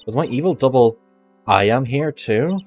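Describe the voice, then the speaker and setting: An excitable young woman sidekick, voiced by a man reading game text. She teases and jokes in a playful voice. Music plays faintly behind the game dialogue. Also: mid-range voice, moderate pace, lightly acted.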